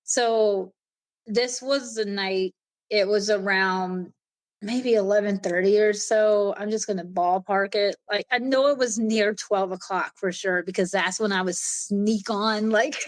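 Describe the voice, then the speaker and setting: A woman in her thirties speaks as a podcast guest sharing long-held personal experiences. Her voice sits in a middle pitch range, and she talks in a candid, earnest, chatty way. She often restarts a thought and adds asides along the way. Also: steady tone, measured pace. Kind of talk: recounting personal experiences in casual conversation.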